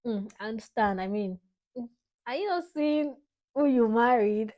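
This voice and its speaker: A woman's voice: a little high, expressive, moderate pace, mellow. A young woman in her twenties with a Nigerian accent, talking to camera in a heartfelt, dramatic tribute to her father, laughing between lines. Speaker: vlogger.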